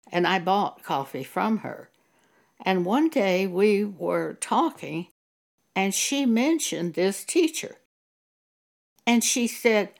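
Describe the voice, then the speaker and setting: Woman, low gravelly voice, unhurried and earnest church testimony with scripture quotes. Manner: measured and earnest, quoting scripture. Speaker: Christian teacher giving a testimony. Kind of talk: slow spoken testimony with scripture.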